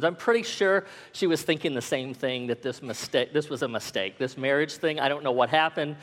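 Man telling a self-mocking story in a hall. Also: a little high. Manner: self-deprecating, comic timing, mock-indignant. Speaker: speaker telling a personal story to an audience. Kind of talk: humorous storytelling talk.

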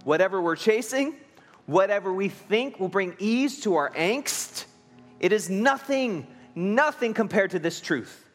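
A man preaching a sermon as pastor, earnest, moving between emphatic lines and quiet ones. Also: high-pitched, lively intonation, a little slow, big-room sound, soft background music.

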